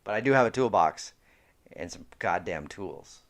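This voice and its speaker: A man's voice: low-pitched, lively intonation, normal speed. A man co-hosting a podcast, telling self-mocking stories in casual, profane chat. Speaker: podcast co-host.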